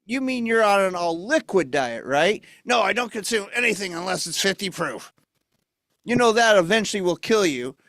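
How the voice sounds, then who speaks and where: Guy doing a drunk, mean alien eyeball puppet, high voice that swoops all over, slow boozy deadpan jabs, kinda gravelly, dry sound. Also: no echo, exaggerated voice. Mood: snarky. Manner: deadpan insult wisecracks, slow drunken delivery.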